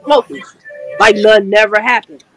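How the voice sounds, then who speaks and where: A woman chatting casually in an online group talk, expressive and teasing. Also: mid-range voice, moderate pace, gravelly, faint music behind, low-quality recording.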